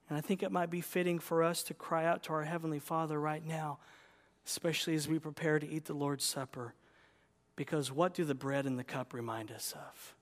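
A man preaching a sermon as pastor, emphatic and impassioned, in a church. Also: fairly high pitch. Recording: long reverb of a large hall.

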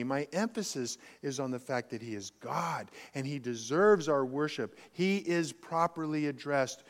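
A man preaching a sermon as pastor, emphatic, swinging between quiet and loud passages. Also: a little high, in a large hall.

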